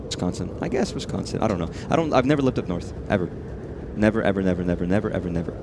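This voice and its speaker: A man's voice: low voice, animated, rapid-fire, noisy background. A man streaming a horror game, rambling and swearing freely as he talks to the things on screen. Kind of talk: casual live-stream commentary.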